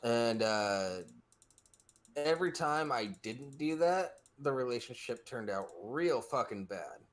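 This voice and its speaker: A man's voice: mid-range voice, expressive, slow pace. A man co-hosting a podcast, joining crude banter with hesitant, stammering restarts. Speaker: podcast co-host.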